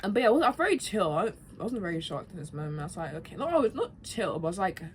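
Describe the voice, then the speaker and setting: A woman vlogger chatting casually as she recaps a video game story, animated and emotional, often laughing and calling her viewers guys and bro. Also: lowish voice, racing, a little hiss or hum.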